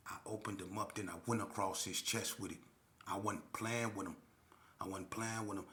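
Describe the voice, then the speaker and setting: Low-voiced man telling a street story. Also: steady tone, normal speed, a bit bright. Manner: slangy, street talk with frequent "you know what I'm saying". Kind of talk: casual storytelling.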